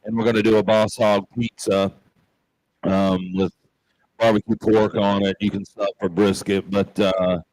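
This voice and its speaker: A man from Memphis with a Southern accent, a pub owner and show host, rambling through stories with plenty of pauses and fillers. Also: lowish voice, little pitch movement, a little mellow, rough recording. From Memphis, Tennessee. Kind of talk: casual chat.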